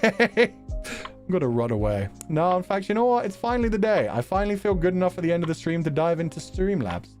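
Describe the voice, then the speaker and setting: Animated, laughing male streamer. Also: sits high, brisk, soft background music. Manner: animated, laughs often, jokey. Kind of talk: casual livestream chat.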